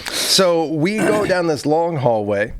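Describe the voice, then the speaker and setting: A man as a podcast guest, telling a story in a casual, animated way, swearing freely and acting out his own panic. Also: on the high side, slow, crowd noise.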